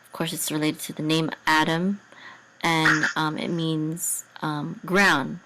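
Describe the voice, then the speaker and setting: Woman teacher, lowish voice, slow and methodical, sounds out syllables, hesitant fillers. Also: little pitch movement, sharp tone, a little hiss or hum, rough recording. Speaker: Hebrew and Torah cantillation teacher. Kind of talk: language lesson, sounding out words syllable by syllable.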